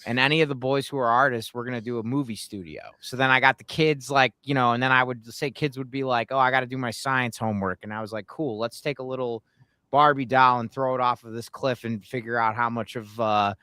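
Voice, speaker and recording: A man telling stories in a casual chat, animated and growing heated when riled. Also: medium pitch, a little fast, clean tone, dry recording, clean studio sound.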